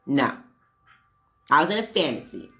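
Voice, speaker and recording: A woman's voice: low-pitched, very animated, normal speed, a bit bright, faint music behind. A woman vlogging in a blunt, profane, casual monologue that wanders off on tangents.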